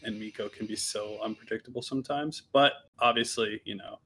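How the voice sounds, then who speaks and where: A man's voice: fairly low pitch, fairly even intonation, brisk, bright, forceful tone, a little hiss or hum. A man guest commentating a live game stream, agreeable and a little hesitant, with frequent restarts.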